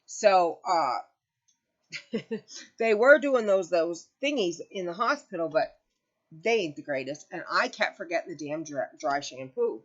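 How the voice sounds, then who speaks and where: A woman's voice: lowish voice, lively intonation, measured pace, muffled recording. A middle-aged woman hosting a craft channel, chatting casually and emotionally telling a family story to viewers.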